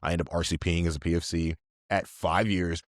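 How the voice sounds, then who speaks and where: A man's voice: sits low, level tone, brisk, no room sound, studio quality. A man in his thirties, a podcast guest, telling stories casually and animatedly, laughing often. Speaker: podcast guest, army officer. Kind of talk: casual storytelling.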